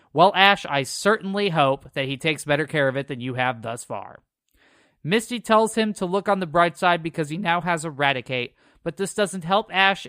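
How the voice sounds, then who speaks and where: A man with a smooth, clear, slightly high voice recaps a cartoon episode for a podcast, mixing a read-through summary with sarcastic jabs. The sound is close and dry, with no room around it. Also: fairly bright tone, no room sound. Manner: sarcastic asides between summary reading.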